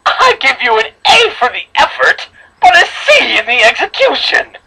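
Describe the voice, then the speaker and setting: A man's voice: very high voice, wildly swooping pitch, normal speed, gravelly, sharp tone, slight background noise, voice pushed up, exaggerated voice, rough recording. A man voicing a cheerful, murderous female pony double in a sing-song, mocking tone. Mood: gleeful taunting.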